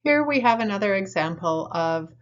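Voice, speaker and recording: A woman calmly explaining parenting strategies in an instructional talk, pausing often with ums and uhs. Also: mid-range voice. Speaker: instructor in a parent training video. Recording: dull, muffled recording.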